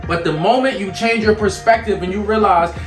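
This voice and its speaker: A very high-voiced man from York, Pennsylvania, preaches motivation with energy and then slips into teasing banter. He sounds a little far from the mic in an echoey kitchen, with faint music underneath. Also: fairly quick, a bit bright. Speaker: motivational speaker and show host. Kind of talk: casual motivational talk while cooking.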